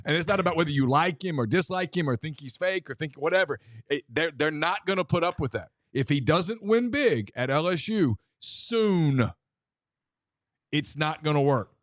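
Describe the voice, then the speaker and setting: A man's voice: fairly high pitch, animated, normal speed, dry recording, clean studio sound. A man from Louisiana co-hosting a sports talk show, insistent and emphatic, repeating himself to drive a point home. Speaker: co-host.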